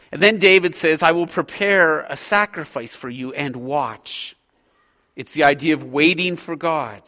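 A man preaching a sermon as a pastor, earnest and measured, pausing between phrases. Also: a little high, bright, forceful tone. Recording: hall reverb.

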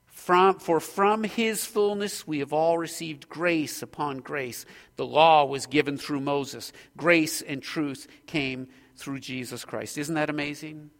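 A man's voice: on the high side, fairly even intonation, slow, a bit bright, in a large hall. A man preaching an expository sermon, earnest and emphatic, pressing his points with growing intensity.

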